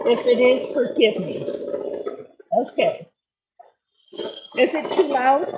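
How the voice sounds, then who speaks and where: A woman's voice: medium pitch, noisy background. A woman hosting a casual livestream from her home kitchen, chatting in a rambling way with many fillers while she bakes. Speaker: livestream host. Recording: dull lo-fi sound.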